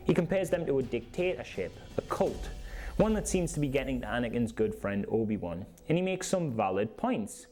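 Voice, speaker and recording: Male YouTube narrator, casual and animated, mid-pitched, soft music behind. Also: normal speed. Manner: animated, acts out scenes. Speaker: YouTube creator.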